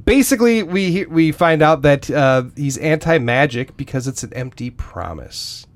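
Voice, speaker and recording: A man co-hosting a podcast, chatting casually and getting excited, laughing often as he talks. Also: moderate pace. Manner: excitable, laughs often, pitch jumps when enthused. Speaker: podcast co-host. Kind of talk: casual chat.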